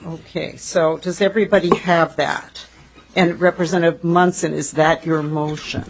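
A woman's voice: on the low side, steady tone, normal speed, slight background noise, rough recording. A woman chairing a legislative committee hearing, talking with many fillers and restarts.

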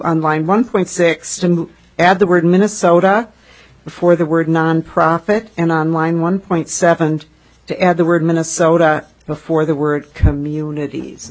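A woman's voice: sits low, a little mellow, low-quality recording. A woman chairing a legislative committee hearing, talking with many fillers and restarts.

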